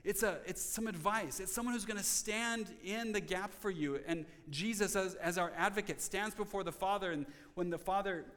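A man's voice: high-pitched, normal speed, few pauses, a bit bright, big-room sound. A man preaching a sermon, explaining a scripture passage earnestly and often restarting his sentences. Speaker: pastor.

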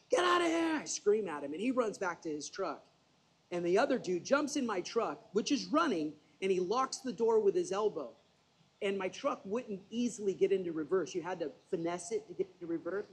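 Preacher, male, husky and a touch high, lively storyteller from the pulpit. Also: rough recording. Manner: animated, conversational storytelling with self-deprecating asides. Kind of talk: sermon storytelling.

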